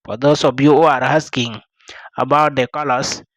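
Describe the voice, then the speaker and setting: A man from South Sudan teaching vocabulary, repeating each word slowly and explaining it plainly. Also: medium pitch, fairly even intonation, fairly bright tone, no echo. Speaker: language teacher. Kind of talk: slow vocabulary lesson.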